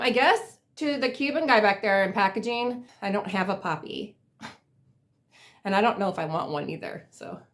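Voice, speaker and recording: A woman casually telling funny work stories on her vlog, rambling with lots of fillers and laughing at herself. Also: medium pitch. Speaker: vlogger. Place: at home in a chair.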